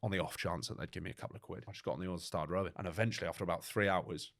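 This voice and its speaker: A man telling his story as a podcast guest, brisk and animated, full of slang and quick self-corrections. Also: sits low, creaky, no room sound, studio quality. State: choked up at times. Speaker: guest, record-setting ocean rower.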